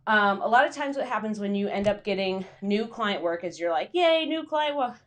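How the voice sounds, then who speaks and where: A woman's voice: medium pitch, fairly quick, a bit bright. A woman hosting a casual live stream for freelance writers, chatty and full of fillers, greeting viewers by name and acting out her inner voice.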